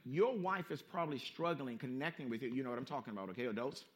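A male pastor preaching a sermon, emphatic and folksy, repeating phrases and swinging between hushed and loud. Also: medium pitch, fast. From Southern California. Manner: folksy street-style preaching.

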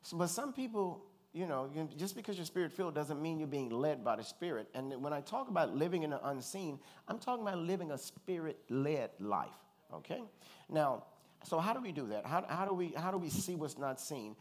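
A man from Louisiana, a pastor, preaching in a conversational, animated way with joking asides and calls for the congregation to respond. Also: fairly high pitch, brisk. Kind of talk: conversational sermon.

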